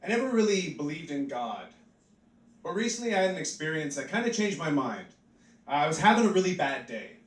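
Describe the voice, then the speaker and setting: A man's voice: fairly high pitch, very animated, a little fast, distant mic. Rambling male comic in an echoey pub. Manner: rambling and offhand, full of "like" fillers. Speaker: stand-up comedian. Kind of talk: live stand-up comedy. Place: pub stage, live audience. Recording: echoey pub mic heard from afar.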